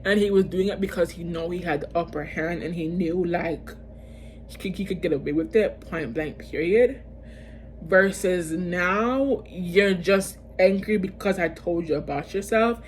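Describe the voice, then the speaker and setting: A woman vlogger telling a personal story in a casual storytime video, animated and slangy, often calling out to her viewers and restarting her sentences. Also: on the low side, a little hiss or hum. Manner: fast bursts with frequent fillers and restarts.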